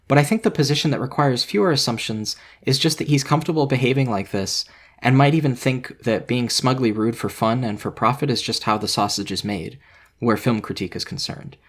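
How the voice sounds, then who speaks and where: A man narrating a scripted video essay in a measured, analytical way. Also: mid-range voice.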